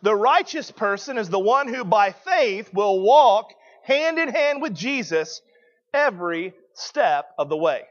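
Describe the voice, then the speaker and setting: A man's voice: high voice, very animated, unhurried, dull audio. A man preaching a sermon, emphatic and questioning the congregation.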